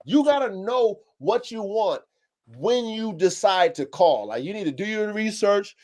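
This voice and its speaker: High-voiced slangy podcast host man. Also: measured pace. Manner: animated, slangy and profane, acts out quoted customers. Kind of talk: casual podcast chat. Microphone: live-stream call setup.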